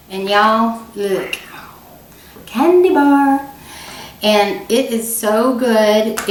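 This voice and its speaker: A woman's voice: fairly high pitch, fairly bright tone, slight background noise. A woman hosting a home cooking video, chatting folksily and straight to her viewers. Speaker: cooking channel host. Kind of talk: casual cooking demo chat. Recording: roomy room sound from a distance.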